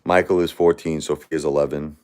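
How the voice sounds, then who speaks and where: Grieving man with a very deep voice. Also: little pitch movement, a little mellow. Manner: halting and repetitive, many restarts and fillers. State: grief-stricken. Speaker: livestream host. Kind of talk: casual livestream chat, answering comments.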